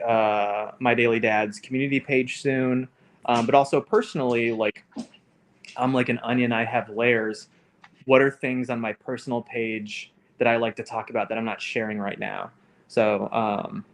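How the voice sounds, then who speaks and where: A man co-hosts a relaxed live stream chat over a call mic, his voice sitting at an ordinary middle pitch. He rambles along and fills his sentences with "like" and "um.". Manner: rambling, heavy on fillers like "like" and "um". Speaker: co-host. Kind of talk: casual livestream chat.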